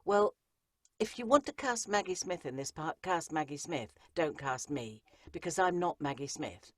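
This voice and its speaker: A woman's voice: sits low, lively intonation, moderate pace, no echo. A woman, an audiobook narrator and coach, explaining her craft in an interview and driving points home through repetition. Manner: emphatic, repeats phrases for effect. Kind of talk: interview conversation.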